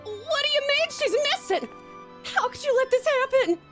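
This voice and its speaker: A fluttering Southern belle mother from a fantasy video game, fretful and effusive, in a put-on American Southern accent, as a woman voices her while streaming. The voice is high and breathy. Faint music plays behind her. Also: animated, moderate pace, a bit bright. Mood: distraught. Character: gushing southern belle mother, warm and anxious.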